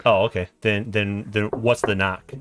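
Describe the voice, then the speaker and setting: A man's voice: fairly low pitch, level tone, measured pace, over music. A man streaming a board game, telling a story in a joking, hesitant way.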